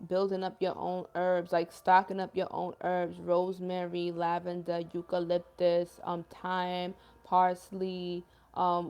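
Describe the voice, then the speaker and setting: A woman's voice: fairly low pitch, smooth, dull audio. A young woman hosting a livestream as a self-described healer, talking in earnest, emotional casual chat full of slang like "yo" and "y'all" while reading out viewer comments.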